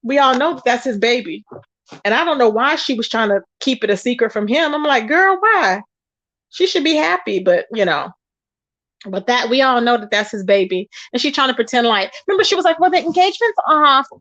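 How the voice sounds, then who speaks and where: A woman's voice: fairly high pitch, a little fast. A woman hosting a casual live stream, chatting animatedly and reading viewers' comments aloud. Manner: animated, chatty, calls viewers "child" and "baby". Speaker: livestream host reading chat. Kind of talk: casual chat.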